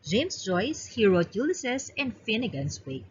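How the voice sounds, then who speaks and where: A woman's voice: medium pitch, sing-song, measured pace, lo-fi sound, slight background noise. A woman with a Filipino accent reads exam review questions aloud and explains each answer choice in turn, like a teacher. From Philippines.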